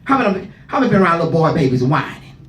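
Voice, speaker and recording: A man's voice: on the high side, very animated, racing, fairly bright tone, reverberant. A man preaching at a Bible study, leading readers and firing questions at the room. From not from Philadelphia. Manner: fervent, asks the room questions, repeats words.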